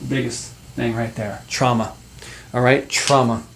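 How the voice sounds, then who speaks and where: Middle-aged male life coach, motivational talk to camera, chatty and animated, mid pitch. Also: a little slow, slight background noise. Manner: animated, conversational, many fillers and asides.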